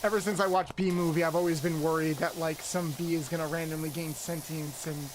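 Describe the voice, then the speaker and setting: A woman's voice: low voice, steady tone, heavy background noise. A woman hosting a live game stream, chatting casually with a co-host and greeting viewers. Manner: chatty, rambling, quick asides to chat.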